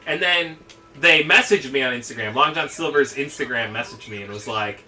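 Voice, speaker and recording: A man's voice: medium pitch, fairly quick, bright, forceful tone, recorded from a distance, slight background noise. A man telling a long, rambling, profane story during casual gaming commentary. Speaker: let's play commentator.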